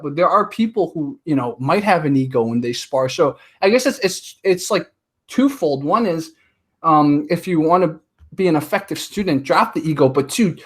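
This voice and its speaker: Podcast guest, man in his 30s, airy high voice, chatty, animated storyteller. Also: breathy edge. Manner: talkative, animated storytelling with filler words. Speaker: podcast guest, martial artist. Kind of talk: casual chat.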